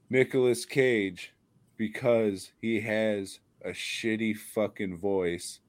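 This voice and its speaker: A man's voice: low voice, a little mellow, dry recording. A man co-hosting a horror podcast in casual comedic chat, profane and mocking, laughing often. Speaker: podcast co-host.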